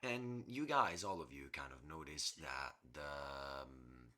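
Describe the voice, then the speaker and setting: A man narrating a tabletop game as game master, relaxed and hesitant with many restarts. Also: extremely low pitch, slow pace.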